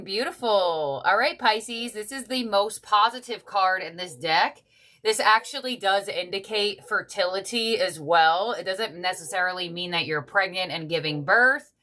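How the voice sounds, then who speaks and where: Bright-voiced woman doing a chatty tarot reading. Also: medium pitch, unhurried. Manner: chatty and heartfelt, thinks aloud with many "like"s. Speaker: tarot reader. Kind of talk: casual tarot reading to camera.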